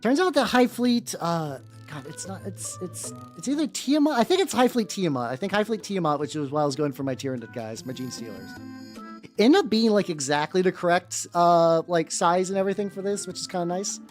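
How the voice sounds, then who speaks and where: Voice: mid-range voice, animated, brisk, soft background music. A streamer chatting casually while painting miniatures, rambling, greeting viewers and swearing now and then. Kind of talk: casual livestream chat.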